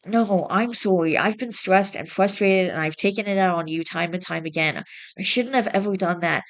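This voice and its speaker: A woman's voice: mid-range voice, normal speed, close to an everyday voice. A woman reading aloud and voicing a frustrated young husband who speaks earnestly and apologetically.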